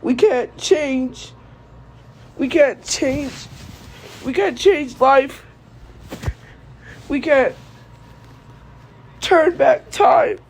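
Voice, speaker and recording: Tearful young woman, high and slow. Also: animated, darkish tone, a little hiss or hum, poor audio. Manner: halting, grief-stricken, repeats herself. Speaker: live streamer. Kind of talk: emotional monologue to viewers.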